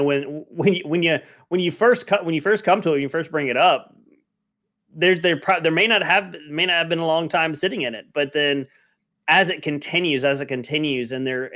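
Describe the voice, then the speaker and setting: A man co-hosting a livestream, chatting casually in a relaxed, agreeable way. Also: a little high. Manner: relaxed, agreeable, backchannels often. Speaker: co-host.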